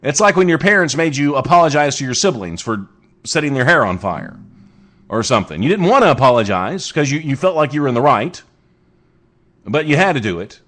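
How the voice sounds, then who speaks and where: A man's voice: medium pitch, big pitch swings, a little fast, fairly bright tone. A man hosting his own podcast, riffing sarcastically on odd news stories with rambling asides and restarts. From United States. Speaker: podcast host. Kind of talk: casual comedic news commentary.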